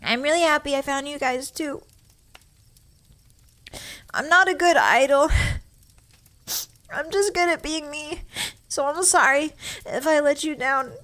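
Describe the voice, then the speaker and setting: A young woman hosts a relaxed livestream in a bright, high voice. She is giggly and playful, and she thanks her viewers warmly while trying not to cry. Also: measured pace, long pauses. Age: young adult. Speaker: virtual streamer. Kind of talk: casual livestream chat.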